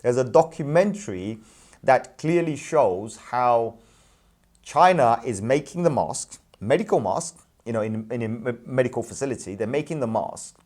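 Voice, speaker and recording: A man's voice: mid-range voice, moderate pace. Emphatic man ranting in casual talk. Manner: animated, emphatic, repeats points with rhetorical questions. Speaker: businessman and parent, show host. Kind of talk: casual discussion.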